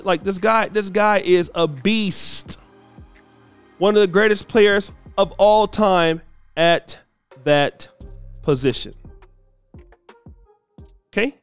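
A man hosting a commentary show, talking emphatically and repeating words as he makes his point. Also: high-pitched. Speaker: commentary host. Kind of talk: casual commentary.

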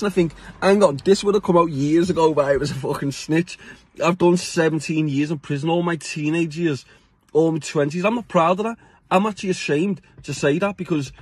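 A middle-aged British man rants bluntly straight to camera, swearing freely and breaking into short laughs between points. His voice sits a little high for a man and comes through husky. The sound is dry and close, with no room echo. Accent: British English. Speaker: vlogger. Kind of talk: casual rant to camera.

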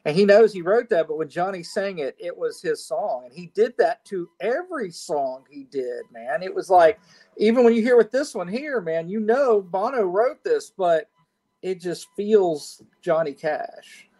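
A man co-hosting a casual reaction podcast, talking in a relaxed, enthusiastic way. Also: high-pitched, a little slow. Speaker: podcast co-host.

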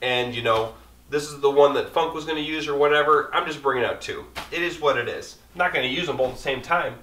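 A man's voice: on the high side, quick pace, fairly bright tone, far from the mic, a little hiss or hum. Chatty man in a roomy space. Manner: rambling, chatty, easygoing. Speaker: outdoor vlogger. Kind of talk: casual gear rundown.

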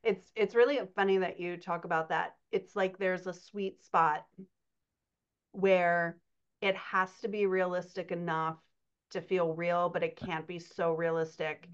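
A woman's voice: fairly low pitch, flat delivery, smooth. Woman coach with dull lo-fi sound. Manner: affirming, quick to agree, explanatory. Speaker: writing coach, podcast co-host. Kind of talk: casual chat. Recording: dull lo-fi remote audio.

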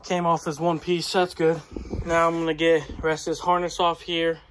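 Here a man with a slightly high, fairly bright voice delivers flat, normal-speed commentary while turning wrenches on a vehicle at home. As a garage vlogger doing casual work-along narration, he rambles, leans heavily on fillers, and gets winded now and then, with slight background noise present.

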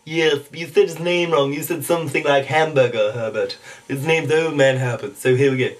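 A man's voice: on the high side, moderate pace, close to an everyday voice. A man voicing a haughty, scheming baby boy with a prim, clipped manner, in improvised impressions. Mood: fussy. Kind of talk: improvised one-take impressions. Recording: distant home mic.

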